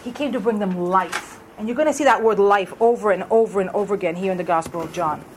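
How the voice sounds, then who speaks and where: A woman's voice: mid-range voice, fast, a little hiss or hum, low-quality recording. A woman leading a Bible study in a conversational way, asking the group questions as she reads through verses. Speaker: Bible teacher.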